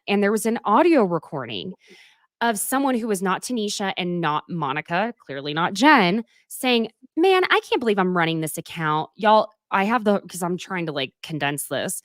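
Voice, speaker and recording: A woman podcast host rattling through gossip in a lively, breathless rush, full of asides. Her voice is recorded dry and close, with no room sound around it. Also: medium pitch, no echo. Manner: animated, breathless storytelling with frequent laughs. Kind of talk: casual gossip chat.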